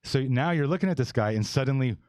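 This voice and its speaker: A man's voice: mid-range voice, lively intonation, fast, a little mellow, smooth, no echo, clean studio sound. A man in his forties hosting a casual podcast panel, talking bluntly and rambling with many restarts. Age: 40s. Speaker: podcast host.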